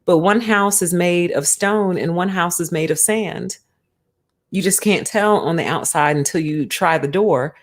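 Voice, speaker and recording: Brief: lower-voiced woman, emphatic streamer talking casually about faith. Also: measured pace. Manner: emphatic and conversational. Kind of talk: casual spiritual commentary.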